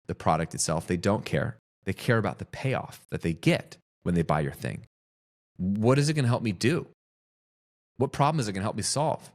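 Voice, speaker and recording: A middle-aged man and business coach, talking straight to camera in an emphatic, teaching style and repeating phrases for stress. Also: fairly low pitch. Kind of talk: direct-to-camera teaching talk.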